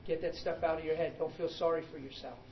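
A man preaches with animated emphasis and calls out to his listeners in a fairly high voice. The recording is muffled and echoes through a large room. A faint hiss sits underneath. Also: fast. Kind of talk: sermon.

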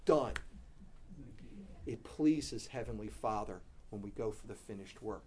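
A middle-aged man preaching a sermon, telling a story with bursts of loud animation and soft, low-key emphasis on his main points. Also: measured pace, a little hiss or hum.

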